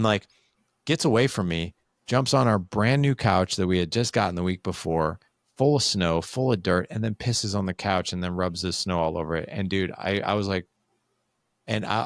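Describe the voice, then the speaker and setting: This podcast guest is a man in his forties whose fairly low voice moves at a moderate pace, captured in clean studio sound without echo. Candid and animated, he recounts a family story conversationally and acts out people's words.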